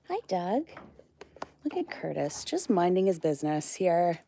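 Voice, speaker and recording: A woman's voice: on the low side, sing-song, unhurried, mellow, slight background noise. A woman filming on her farm, chatting to her animals with dry teasing humor and coaxing them to come over. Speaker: farm vlogger. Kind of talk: casual chat to farm animals. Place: outdoors on a farm.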